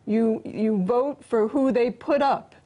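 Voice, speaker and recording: Earnest female interview guest, explanatory, slightly high pitch. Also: slow, dark tone. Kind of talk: interview answers.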